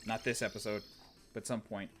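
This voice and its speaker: A young man commentating a video game stream, exasperated and talking to himself, swinging from low muttering to loud outbursts. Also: little pitch movement, moderate pace, a little hiss or hum. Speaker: gaming streamer. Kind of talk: let's play commentary.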